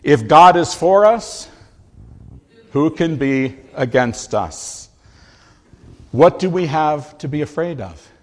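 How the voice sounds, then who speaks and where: A man preaching a sermon, leaning hard on key words and stretching them out slowly for emphasis. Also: a little high, animated. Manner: slow, emphatic delivery, drawing out key words.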